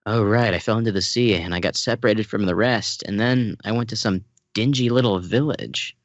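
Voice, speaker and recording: A man voicing a groggy giant pirate woman in a low, muttering read. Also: moderate pace, no room sound, highs cut off, close to an everyday voice.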